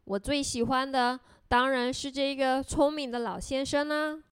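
A woman reading a children's picture book aloud in a gentle, sing-song way, then teaching words to kids. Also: high voice, steady tone, normal speed, clear, resonant tone, no room sound. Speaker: storyteller for children.

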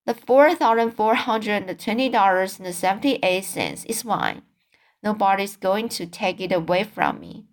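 A woman's voice: mid-range voice, sing-song, a little slow. A woman voicing a blustering, greedy male storekeeper in a storybook reading, speaking with indignant insistence.

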